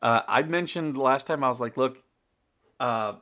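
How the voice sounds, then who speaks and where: A middle-aged man from the US hosts a relaxed morning livestream chat. He rambles, restarts his sentences and chuckles often, in an everyday medium-pitched voice. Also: a little fast. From United States. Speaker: show host.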